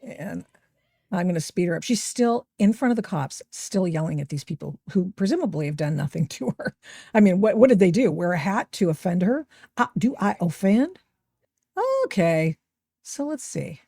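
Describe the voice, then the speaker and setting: A woman's voice: on the low side, moderate pace, gravelly, husky, no room sound, studio quality. A middle-aged woman hosting a podcast, giving opinionated, sarcastic commentary over video clips. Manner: sarcastic, animated, mocking voices she quotes. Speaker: podcast host.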